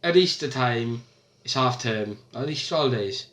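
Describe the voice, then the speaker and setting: A young man chatting on a vlog in a dry, self-deprecating way. His voice sits at an ordinary pitch, and the room adds plenty of echo. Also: animated, normal speed, fairly bright tone. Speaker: vlogger. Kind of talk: casual chat. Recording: echoey room.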